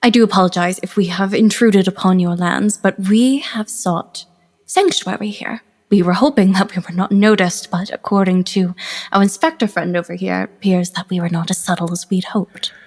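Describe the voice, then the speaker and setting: A woman's voice: medium pitch, fairly even intonation, normal speed, big-room sound, lightly acted. A woman voicing a stiff, overly polite female vampire who speaks in old-fashioned phrasing, in a tabletop game. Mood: apologetic. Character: haughty formal female vampire leader.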